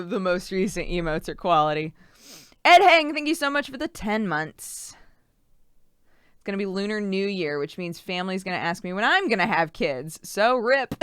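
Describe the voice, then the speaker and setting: A woman's voice: medium pitch, fairly bright tone, clean tone, no echo, clean studio sound. A woman streamer chatting casually with her viewers, laughing often, swearing freely and thanking subscribers. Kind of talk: casual live-stream chat, reading sub thank-yous.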